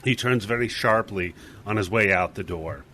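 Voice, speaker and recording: A man's voice: lowish voice, moderate pace, bright, forceful tone. A man narrating a tabletop game as dungeon master, casual and given to laughing. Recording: faint hiss, clipping mic.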